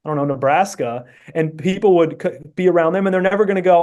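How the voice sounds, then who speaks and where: Man, podcast guest, casual chat, earnest and rambling, mellow tone, slightly high. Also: lively intonation, fast talker, few pauses. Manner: earnest, rambling reasoning with many fillers.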